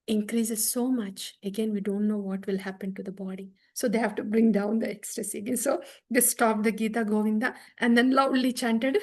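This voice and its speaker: A middle-aged woman giving a devotional scripture class, telling the story with animated, acted-out quotes. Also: on the high side. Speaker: spiritual teacher.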